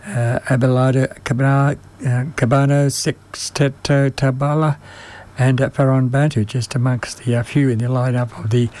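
A man hosts a music radio show in a mid-pitched voice, stopping often to search for words. His voice is fading and slightly strained, as if he is losing it. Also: a little mellow. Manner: halting, many ums and uhs. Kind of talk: unscripted radio presenting.

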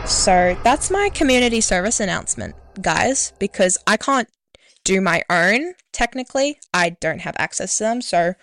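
A woman's voice: mid-range voice, dry recording, studio quality. Chatty Australian woman radio host. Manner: chatty, rambling, self-deprecating. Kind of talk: casual radio chat.

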